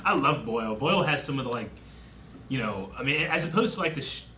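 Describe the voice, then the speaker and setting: A man's voice: medium pitch, expressive, fairly quick, roomy sound, noisy background. A man hosting a casual reaction chat, talking through a TV episode with friends and often trailing off mid-thought. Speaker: show host reacting to TV.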